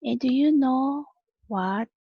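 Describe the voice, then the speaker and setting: A woman teacher reading a storybook aloud to her students slowly and deliberately, with long pauses. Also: sits high, breathy edge, no echo, dull audio.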